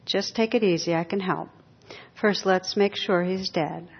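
Woman doing a calm, soothing operator, low-pitched, lo-fi sound. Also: a little slow, breathy edge. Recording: dull lo-fi talk recording.

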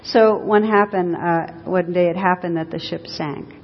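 A woman teacher giving a dharma talk, telling stories gently and with light laughter. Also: steady tone, unhurried. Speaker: meditation teacher. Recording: dull lo-fi recording in an echoey hall with faint rumble.

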